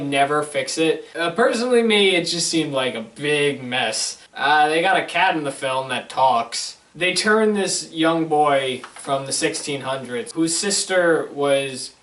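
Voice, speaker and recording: A young man talks through a film review in a loose, rambling way, tossing in sarcastic questions and laughing asides. His voice sits a little high. He is recorded in a roomy space from some way off the microphone. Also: a bit bright. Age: young adult. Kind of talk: casual spoken film review. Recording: roomy sound from a distant mic.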